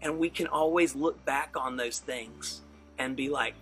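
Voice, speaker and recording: Male pastor, casual animated sermon; bright, fairly high voice, faint music behind. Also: a little slow. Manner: animated storytelling, casual and enthusiastic.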